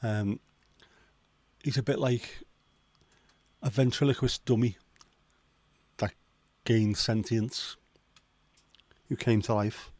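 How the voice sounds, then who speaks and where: This Liverpool livestream host is a man who chats with viewers in a sweary, joking way full of asides. He speaks slowly and pauses often, his fairly low voice steady and a little mellow. The recording is dry.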